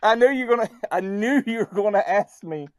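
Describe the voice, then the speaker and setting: A man's voice: high-pitched, expressive, brisk, no echo. A man with a Southern US accent co-hosting a horror movie podcast, bantering, swearing and laughing with his friend. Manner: laughing, playful, crude banter. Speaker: podcast co-host. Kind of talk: casual movie review chat.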